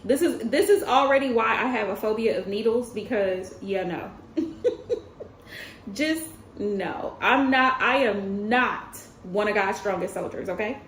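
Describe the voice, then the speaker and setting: A woman's voice: mid-range voice, moderate pace, a bit bright. A woman in her thirties hosts a tarot stream and tells a personal story in a casual, chatty way. Her mid-range voice carries some room echo, with a faint hum of ambience behind it. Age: 30s. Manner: chatty, addresses viewers as y'all, laughs often.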